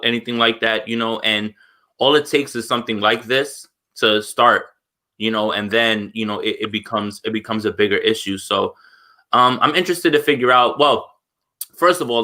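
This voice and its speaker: A man's voice: medium pitch, sharp tone. A man co-hosting a sports podcast, giving earnest opinions in a casual, thinking-aloud way. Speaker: podcast co-host. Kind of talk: casual chat.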